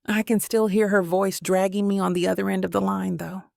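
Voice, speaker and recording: A woman reads a first-person romance audiobook with a wry, self-questioning tone. Her voice carries a gravelly rasp, and the recording is dry and close with no room echo. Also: mid-range voice, level tone, brisk, a little mellow. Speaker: audiobook narrator.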